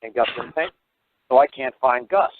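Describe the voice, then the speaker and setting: A man hosting a call-in show, telling stories in a blunt, profane, rapid way. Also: medium pitch, animated, no echo. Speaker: host. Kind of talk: casual storytelling on a call-in show. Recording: tinny phone-line audio.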